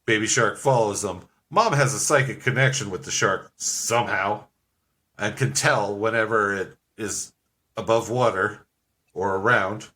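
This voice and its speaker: A man's voice: on the low side, a little slow, pushed and bright. A man co-hosting a casual movie review chat, joking, laughing often and swearing freely.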